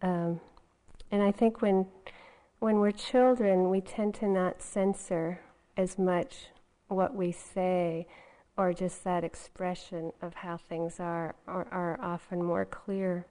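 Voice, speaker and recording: A woman's voice: on the low side, fairly even intonation, takes it slowly, mellow, rough recording. A woman meditation teacher giving a dharma talk in a conversational way, often adding "you know" as she goes.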